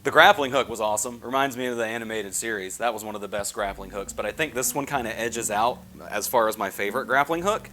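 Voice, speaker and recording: A man's voice: lowish voice, quick pace, few pauses, pushed and bright, a little hiss or hum. A man giving a scripted comedy film review, joking crudely and swearing freely. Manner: crude, jokey, profane.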